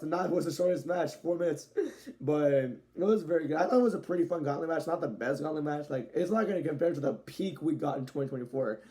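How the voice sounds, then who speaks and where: A man's voice: fairly high pitch, warm tone. A young man casually reviewing a wrestling show in a loose, rambling way, often correcting himself and using slang.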